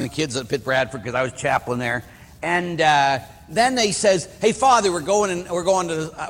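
A man's voice: on the high side, fairly bright tone, slightly rough. A Catholic priest from the Pittsburgh area giving a rambling, story-filled sermon, acting out the voices of the people in his stories. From Pittsburgh area, USA. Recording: long hall reverb.

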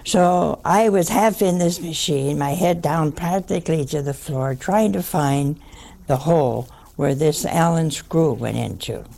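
A woman's voice: deep voice, measured pace, gravelly, dark tone. An older woman, a nun, telling a wry anecdote to an audience. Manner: wry, anecdotal, with dry asides. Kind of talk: storytelling talk to an audience.

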